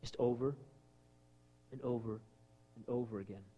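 A man preaching a sermon in a conversational way, acting out quoted voices and swinging between loud lines and hushed ones. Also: mid-range voice, fairly even intonation, normal speed, husky, phone-quality sound. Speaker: pastor.

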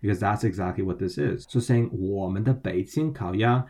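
With a fairly low pitch and a dark tone, a man co-hosting a language lesson talks at a moderate pace. Patient throughout, he explains Mandarin phrases and spells out every syllable's pinyin letter by letter.

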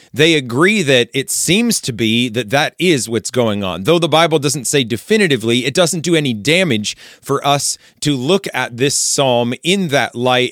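A man's voice: medium pitch, a bit bright, no echo, studio quality. A man preaching on a psalm, speaking earnestly and directly to the listener. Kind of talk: radio-style Bible teaching.

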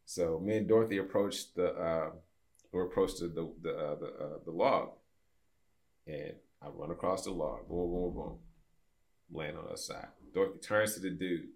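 This is a man in his fifties with a deep, low voice, telling a long story on a podcast. He chats casually and acts out the people in it with quick shifts of voice. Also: creaky, darkish tone. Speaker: podcast guest.

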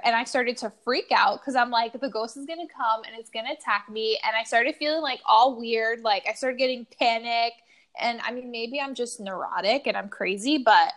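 A woman co-hosts a casual podcast and tells stories in a chatty, animated way. She leans on "like" fillers often. Her voice sits a bit higher than most. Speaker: podcast co-host. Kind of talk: casual chat.

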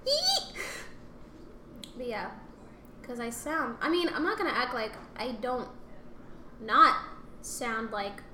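A young woman co-hosting a podcast tells stories in casual chat, her fairly high voice measured in pace with frequent pauses. She's animated, acting out other people's voices and slipping into whispered asides. The room is echoey, with faint ambient noise.

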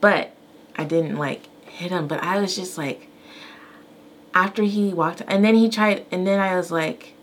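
A mother on a podcast co-host's mic tells a casual, everyday tale in a lowish, slightly slow voice. She keeps it candid and animated, dramatizing each line she quotes.

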